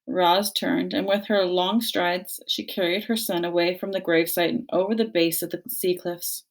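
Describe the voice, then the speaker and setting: A woman reading a children's novel aloud, narrating gently and expressively. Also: lowish voice, fairly even intonation, moderate pace. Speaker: reader.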